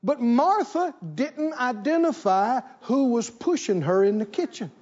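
A husky-voiced male pastor preaches with lively, animated swings of pitch and calls out to his congregation. His high voice comes through a dull, lo-fi recording. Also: a little slow. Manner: animated, call-and-response preaching. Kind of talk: sermon.

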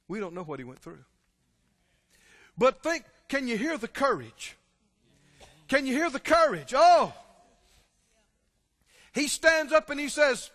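A man preaching a sermon, impassioned, swinging between loud exclamations and quiet, low passages. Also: sing-song, measured pace, pauses often. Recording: long hall reverb.

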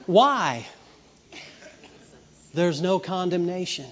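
A man's voice: sits high, expressive, extremely slow. A middle-aged man preaching a sermon in a conversational way, acting out children's voices. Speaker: pastor. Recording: dull reverberant hall recording.

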